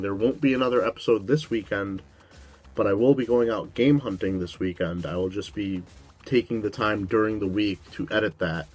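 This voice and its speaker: A young man hosting a casual Q&A vlog, rambling with lots of "like" fillers, his voice going a bit hoarse. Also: fairly low pitch. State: losing his voice. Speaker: YouTube host.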